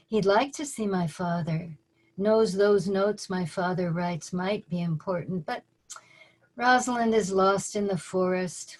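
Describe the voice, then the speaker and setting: An older woman reads her poems aloud over a video call, taking her time with every line. Her voice sits a little low, and she drops in dry asides between pieces. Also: a little mellow, rough recording. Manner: measured, deliberate reading with dry spoken asides. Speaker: poet. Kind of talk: poetry reading at a virtual open mic.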